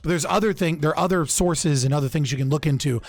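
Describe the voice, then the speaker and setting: A man's voice: a little high, fast talker, faint music behind. A young man casually recounting political history on a podcast, loose and profane, often restarting his sentences. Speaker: podcast speaker.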